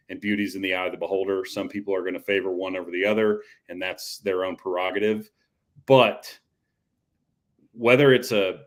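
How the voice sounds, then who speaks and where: A man co-hosting a casual college football talk show, rambling with frequent restarts. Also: fairly low pitch. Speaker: podcast co-host.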